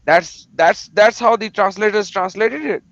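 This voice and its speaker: A man calling in as a guest on a livestream chat, speaking emphatically and reciting scripture quickly. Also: sits high, fairly bright tone, no echo. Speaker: guest caller. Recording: dry, dull lo-fi call audio.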